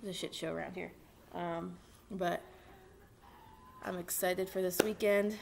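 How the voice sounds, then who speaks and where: A young woman vlogging at home, rambling excitedly with lots of fillers as she talks about racing. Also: fairly low pitch, unhurried, vocal fry, noisy background. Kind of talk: casual chat to camera. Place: at home with a dog.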